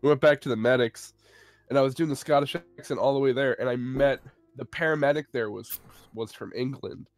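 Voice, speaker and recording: Young man, casual stream chat, rambling, profane, self-mocking, soft music underneath. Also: medium pitch, fairly quick. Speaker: co-host of a live stream.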